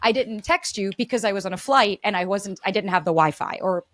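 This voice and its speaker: Guest coach, woman, mid-pitched, fluent and conversational, dry close recording. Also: brisk, fairly bright tone, no echo. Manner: fluent, uses "like" often, acts out example dialogue. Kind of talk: casual interview chat.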